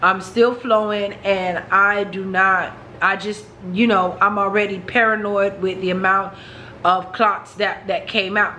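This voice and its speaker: A woman's voice: mid-range voice, bright, forceful tone, a little hiss or hum, low-quality recording. A woman vlogger telling a personal story in a frank, chatty way, talking straight to her viewers.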